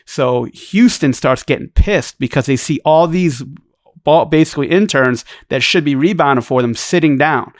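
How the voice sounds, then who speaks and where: A man's voice: a little high, normal speed, dry recording, studio quality. A man guest on a podcast, telling a long story in a blunt, profane, rambling way. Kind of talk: casual storytelling chat.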